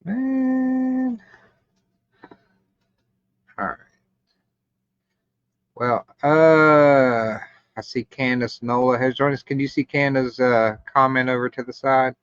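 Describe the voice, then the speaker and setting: A man's voice: medium pitch, steady tone, unhurried, long pauses, fairly bright tone, smooth, no room sound. A man hosting a casual live chat, talking in a laid-back, rambling way over a stream. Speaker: livestream host. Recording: muffled lo-fi stream audio.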